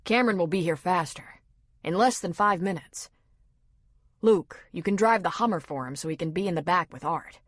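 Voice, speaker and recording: Woman voicing an older man, retired general, brisk, in charge, dry. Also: lowish voice, dry recording, lightly acted. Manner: brisk, directive.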